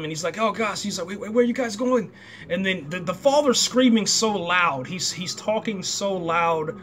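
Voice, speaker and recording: A man with a fairly high voice recaps a TV episode in a loose, slangy way. He keeps jumping into the characters' lines and reacting to them. A faint noise sits under the recording. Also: fairly bright tone. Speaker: show reviewer.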